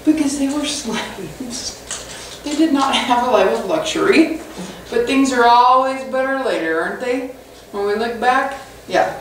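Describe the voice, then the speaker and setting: A woman pastor gives a lively, joking, conversational sermon in a slightly high voice. She is heard from a distance in a church sanctuary with a heavy echo and a faint hum behind her. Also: a little slow. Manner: animated, humorous, conversational storytelling. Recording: echoey hall from far off.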